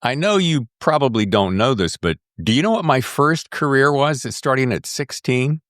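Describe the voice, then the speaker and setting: A man hosting an interview podcast, telling stories in a casual, lively way and sometimes slipping into a radio voice. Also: medium pitch, normal speed, no room sound, clean studio sound. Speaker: podcast host.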